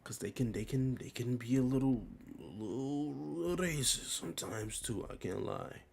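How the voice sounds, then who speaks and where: A man's voice: medium pitch, lively intonation, a little slow, gravelly, darkish tone, breathy edge. A young man giving casual, rambling commentary while ranking a tier list, in a slangy and offhand way.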